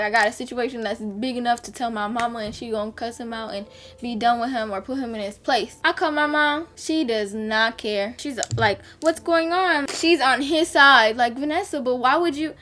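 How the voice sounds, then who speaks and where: Young woman, kinda high voice, storytime vlog, super candid and animated. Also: moderate pace, a little hiss or hum. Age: young adult. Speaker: vlogger. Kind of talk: storytime chat while doing makeup.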